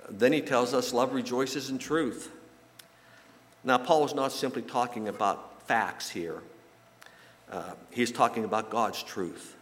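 A man's voice: mid-range voice, a bit bright. Man preaching in a reverberant church. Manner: folksy storytelling with jokes, some halting repeats. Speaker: pastor. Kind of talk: sermon with anecdotes. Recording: long reverb from a large hall.

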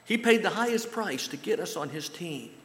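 A high-voiced American preacher speaks at a moderate pace, sharing a personal story in a folksy sermon. He livens up when he quotes others, and the recording carries the long, roomy reverb of a church sanctuary.

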